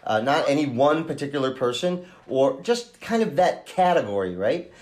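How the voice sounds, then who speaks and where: A man hosting a true-crime podcast, thinking aloud in a halting way with many restarts as he talks through a case. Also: a little high, big pitch swings, darkish tone. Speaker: podcast host and case investigator.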